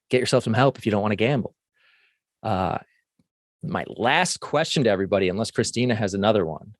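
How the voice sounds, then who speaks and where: A man's voice: lowish voice, no echo, studio quality. A man co-hosting a podcast, leading a gambling recovery support meeting in a plainspoken, folksy way. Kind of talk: casual recovery meeting talk.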